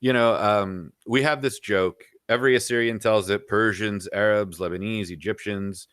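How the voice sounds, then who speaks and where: A man's voice: on the low side, steady tone, moderate pace, a bit bright, clean tone, no room sound, clean studio sound. A man in his forties, a guest on a podcast, giving opinionated views in casual talk and leaning on "you know" as he lists examples.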